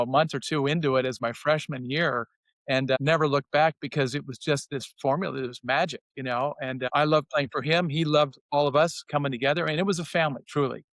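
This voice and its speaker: A man's voice: mid-range voice, no echo. A man in his sixties, a former player, telling stories about his old coach in casual podcast talk, acting out quotes in a raised voice. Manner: animated, acts out quotes in a raised voice. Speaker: former player sharing memories.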